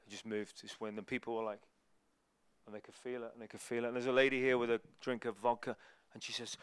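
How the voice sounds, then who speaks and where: A man giving a sermon as a guest preacher, telling lively stories and acting out the people in them. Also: medium pitch, fast talker, clear, resonant tone, dry recording. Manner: animated, acts out people in his stories. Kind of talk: storytelling sermon.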